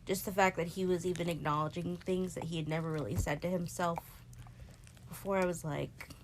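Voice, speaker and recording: Tearful young woman with a gravelly voice. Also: steady tone, fairly quick, a little hiss or hum. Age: 20s. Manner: tearful, laughing through emotion, jumps high when quoting herself. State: crying at times. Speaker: podcast co-host. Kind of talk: emotional casual chat. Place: bedroom, on a bed.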